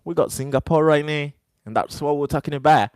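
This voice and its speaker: Fairly high-pitched and a little fast, this man's clean, echo-free voice carries his livestream as he speaks emphatically and repetitively to his chat. He is a non-native English speaker.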